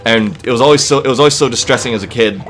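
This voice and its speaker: A young man rambling casually about a video game as a let's play commentator, often halting and restarting. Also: medium pitch, a bit bright. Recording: voice with game music behind.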